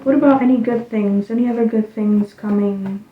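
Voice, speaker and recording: A woman giving a casual spiritual card reading, rambling loosely and dropping into soft muttered asides. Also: mid-range voice, fairly even intonation, normal speed, background noise. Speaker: tarot reader. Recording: tinny, phone-like sound in an echoey room.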